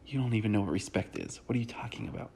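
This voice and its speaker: A man voicing an irritated, unimpressed young woman from a dating show, speaking in a flat, exasperated way. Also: on the low side, very fast, vocal fry, a little hiss or hum.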